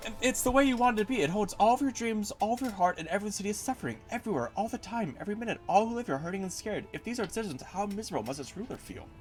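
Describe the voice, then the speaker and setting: A man's voice: sits high, animated, racing, hardly any pauses, soft background music, voice pushed up. A man reading the lines of an earnest, tearful, childlike young elf woman from a game. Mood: pleading. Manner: soft, pleading and earnest. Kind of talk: reading game dialogue aloud.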